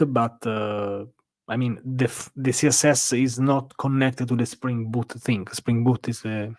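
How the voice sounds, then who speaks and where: A man's voice: mid-range voice, a little mellow, no echo. A man with an Italian accent, casually chatting on a live stream from a hotel room, rambling through viewer questions with lots of "uh"s. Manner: rambling, answers chat questions with filler "uh"s.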